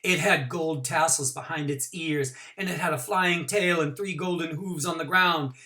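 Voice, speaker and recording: A male teacher reading a novel aloud to his class, with expressive voices for the characters and small asides explaining things. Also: fairly high pitch. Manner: adds short explanations for listeners. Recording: voice picked up from a distance from the mic.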